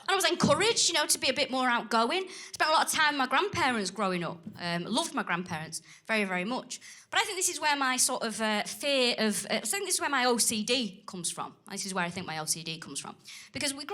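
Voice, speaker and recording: A woman doing a crude, acerbic stand-up set on a theatre stage, with deadpan asides. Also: on the high side. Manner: acerbic, crude, deadpan asides with lively put-on voices for others. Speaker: stand-up comedian. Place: theatre stage before a laughing audience. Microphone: stage microphone. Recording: live theatre with loud crowd laughter.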